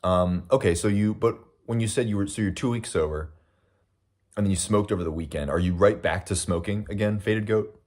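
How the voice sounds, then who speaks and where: A man's voice: fairly low pitch, fairly quick, a little mellow. A young American man hosting a casual livestream, eating breakfast while he reads and answers viewer comments in a rambling, reflective way with many fillers. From United States. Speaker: livestream host.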